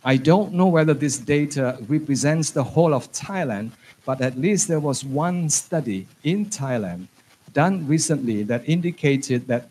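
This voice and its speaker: A man lectures a room of teachers in a chatty, joking manner. His voice sits a little high for a man, and now and then he slips into phrases. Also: darkish tone, slight background noise. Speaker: conference speaker on English teaching. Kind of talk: lecture to an audience.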